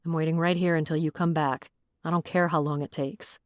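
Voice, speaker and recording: A woman's voice: deep voice, steady tone, brisk, dry recording, studio quality, lightly acted. A woman voicing an earnest, protective male police chief in an audiobook.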